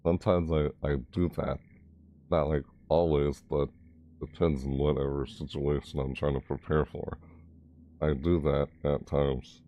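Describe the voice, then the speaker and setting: A man's voice: very deep voice, level tone, a little slow, muffled recording. A man chatting casually on a live stream, rambling, reading chat messages aloud and chuckling.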